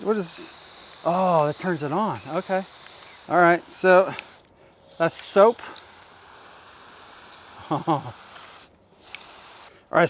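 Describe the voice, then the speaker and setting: A chatty man with a fairly high voice walks through a cleaning tool outdoors, cracking jokes at his own expense. He sounds a little out of breath as he works. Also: slight background noise. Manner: joking, chatty, self-deprecating. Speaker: tool reviewer. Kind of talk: casual product demo. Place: outdoors by a truck.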